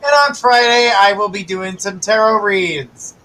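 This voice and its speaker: A man with a high, bright voice hosts a live psychic stream. He calls viewers by name and moves the show along in an upbeat way. His tone stays casual. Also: steady tone, a little slow, slight background noise, low-quality recording. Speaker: psychic host.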